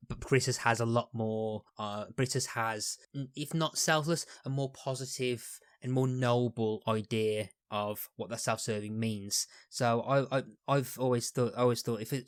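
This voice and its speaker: A man's voice: mid-range voice, clear, resonant tone, dry recording, clean studio sound. A man hosting a casual podcast chat, rambling with frequent restarts. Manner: rambling, many restarts and fillers. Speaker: podcast host.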